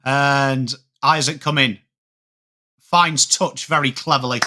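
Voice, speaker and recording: A man on a live stream, chatting with viewers and calling the game, with excited outbursts on big plays. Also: medium pitch, takes it slowly. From England. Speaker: watchalong streamer. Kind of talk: live game commentary mixed with chat.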